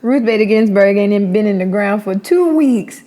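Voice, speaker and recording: A woman's voice: medium pitch, animated, normal speed, mellow. A young woman co-hosting a podcast in casual, playful chat, laughing often and talking while eating. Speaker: podcast co-host.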